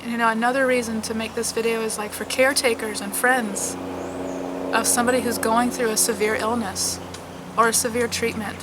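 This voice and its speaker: A middle-aged woman who is unwell and worn out, talking candidly in a personal vlog, halting, sometimes soft and sometimes loud. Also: on the high side, flat delivery, background noise. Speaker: vlogger.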